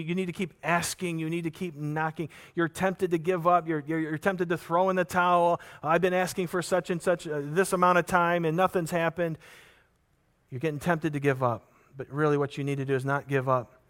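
A man preaching a sermon, telling a parable with lively acted-out voices and earnestly urging his listeners with repeated questions. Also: a little high. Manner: animated storytelling, acting out characters in the parable.

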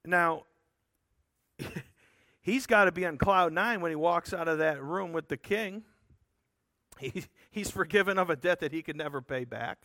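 A man's voice: a little high, a little slow, pauses often, bright, forceful tone, dry recording, studio quality. A man preaching a sermon, explaining a scripture passage in an earnest, emphatic way with rhetorical asides to his listeners.

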